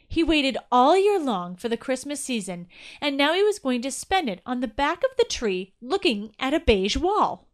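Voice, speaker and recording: A woman reads a children's storybook aloud in an expressive, sing-song way. Her voice sits fairly high and swoops up and down through every sentence. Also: moderate pace. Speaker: narrator.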